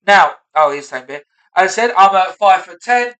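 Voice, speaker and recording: A man's voice: sits high, animated, normal speed, sharp tone. A man, a stand-up comedian rehearsing his set aloud, self-mocking and sweary, muttering asides between punchlines. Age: 30s. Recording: roomy and distant.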